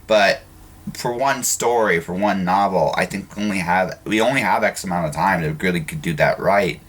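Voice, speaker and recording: Deep-voiced man hosting a podcast. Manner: halting, with frequent restarts and repeated words. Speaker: podcast host. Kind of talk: casual conversational interview.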